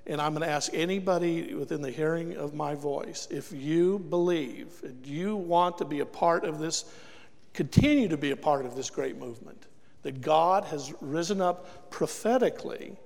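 Gravelly preacher in a reverberant hall. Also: male voice, a little high, normal speed. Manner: emphatic, rhetorical questions to the congregation. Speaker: guest preacher. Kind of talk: sermon with altar call. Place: church.

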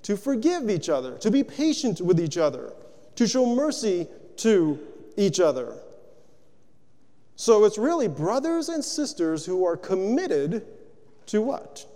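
High-voiced man preaching in a reverberant hall. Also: measured pace. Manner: asks rhetorical questions, conversational and animated. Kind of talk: sermon.

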